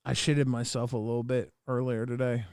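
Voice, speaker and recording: A man's voice: mid-range voice, little pitch movement, fairly quick, darkish tone, clean tone, no echo, studio quality. A man co-hosting a livestream in casual chat, teasing his co-host and reading chat messages. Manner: teasing, reads chat aloud.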